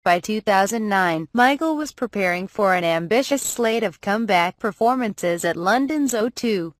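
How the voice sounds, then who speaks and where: A woman reading a magazine profile aloud as scripted narration, measured and even. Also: medium pitch, no echo. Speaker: article reader.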